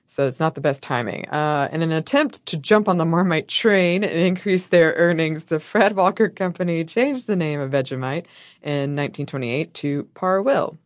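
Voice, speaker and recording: Sex: woman. Role: podcast co-host. Style: scripted history storytelling. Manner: wry and playful. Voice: lowish pitch. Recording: dry and close. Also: expressive, moderate pace, dry recording. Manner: wry, playful, laughs often.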